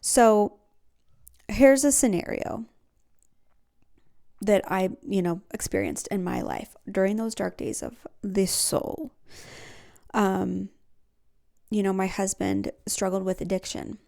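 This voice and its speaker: A woman's voice: mid-range voice, very animated, takes it slowly, gravelly, pauses often, darkish tone. A woman hosting a podcast, talking earnestly in a casual self-help style and laughing often. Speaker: podcast host.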